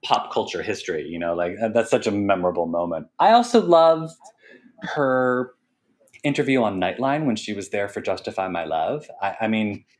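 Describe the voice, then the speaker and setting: A man's voice: on the low side, animated, normal speed. A man co-hosting a podcast, chatting casually and with enthusiasm. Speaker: podcast co-host.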